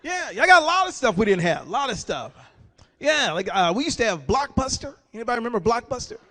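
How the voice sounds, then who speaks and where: A man in his forties performing stand-up comedy, telling animated stories and acting out characters. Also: very high-pitched, fast.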